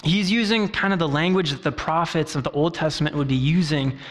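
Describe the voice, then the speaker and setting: A young man delivers a sermon in a relaxed, conversational tone. He mixes a personal story into the teaching and briefly acts out the people he quotes. His voice sits a little higher than most men's. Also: a little fast. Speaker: pastor.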